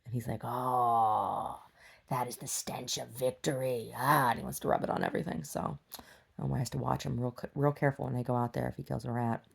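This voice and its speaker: A woman's voice: very deep voice, vocal fry, a little mellow. A woman vlogger rambling to herself in a casual video diary.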